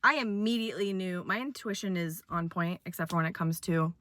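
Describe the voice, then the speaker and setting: A woman's voice: fairly low pitch, fairly even intonation, fairly quick, heavy background noise. A young woman in her twenties telling a funny dating story in casual chat, with dramatic retelling and sudden acted quotes.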